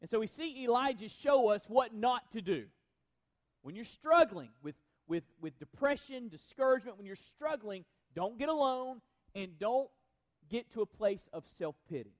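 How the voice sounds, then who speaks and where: A man's voice: extremely high pitch, animated, moderate pace. A man preaching a sermon in an earnest, conversational way, often restarting phrases and asking the congregation if they follow. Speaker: pastor.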